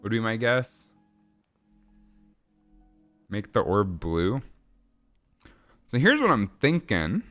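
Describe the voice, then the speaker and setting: Chill guy on a dev stream, cursing and laughing, pretty low voice. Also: huge pitch swings, takes it slowly, pauses often, fairly bright tone, faint music behind. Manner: rambling, swears, laughs, answers chat. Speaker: streamer building a game. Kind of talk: casual livestream chat.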